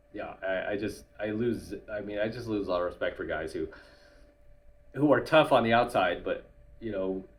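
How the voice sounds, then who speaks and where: A man's voice: low-pitched, slight background noise. A man and YouTuber coach talking bluntly in a casual monologue to camera, tagging his points with "right?". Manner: blunt, tags lines with "right?".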